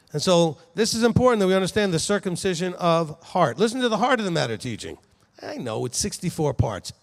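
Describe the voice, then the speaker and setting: A man's voice: sits high, vocal fry. A man giving a conversational Bible teaching to a congregation, asking the audience questions as he goes. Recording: long hall reverb.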